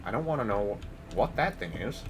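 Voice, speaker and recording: A man's voice: fairly low pitch, expressive, moderate pace, music in the background. A man hosting a let's play, giving casual, offhand gameplay commentary and muttering to himself.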